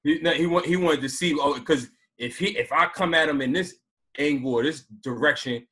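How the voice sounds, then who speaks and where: A man's voice: a little high, moderate pace, sharp tone, breathy edge. A man, talking bluntly in street slang in casual podcast talk. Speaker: podcast co-host.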